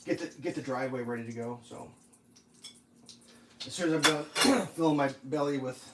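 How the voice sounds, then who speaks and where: A man's voice: mid-range voice, moderate pace, very noisy. A man chatting casually while cooking breakfast at home, rambling through stories and laughing at them.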